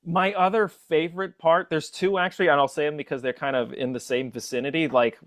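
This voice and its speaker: A man's voice: fairly high pitch, fairly even intonation, a little fast, fairly bright tone. A man co-hosting a podcast, chatting about a movie with lots of laughter and enthusiasm. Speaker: podcast co-host. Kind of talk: casual movie chat.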